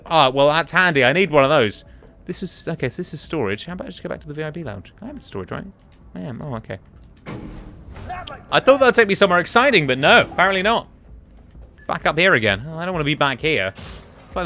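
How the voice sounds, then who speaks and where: A man's voice: a little high, pushed and bright, a little hiss or hum. A young man giving chatty, exasperated commentary while playing a game. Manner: chatty, exasperated, muttering to himself. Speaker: gaming commentator. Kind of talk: casual let's-play commentary.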